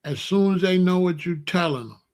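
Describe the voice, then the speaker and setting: A middle-aged man, telling folksy stories at a casual, animated pace as the host of an online show, with loud exclamations. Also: sits high, moderate pace. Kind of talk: casual storytelling monologue.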